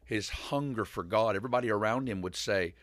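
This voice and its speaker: A man in casual faith conversation, retelling a story as an animated storyteller who rambles and restarts. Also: on the low side, a little fast, no room sound, clean studio sound.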